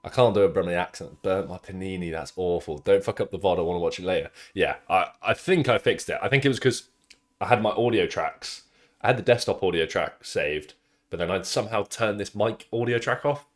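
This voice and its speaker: Low-voiced young man chatting to his stream. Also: a little fast. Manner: rambling, swears freely, teases chat. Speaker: livestreamer. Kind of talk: casual live-stream chat with viewers.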